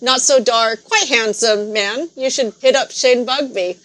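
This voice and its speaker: A woman's voice: a little high, unhurried, fairly bright tone. A woman hosting a podcast, asking long questions in a casual, joking way. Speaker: podcast host. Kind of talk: casual interview chat.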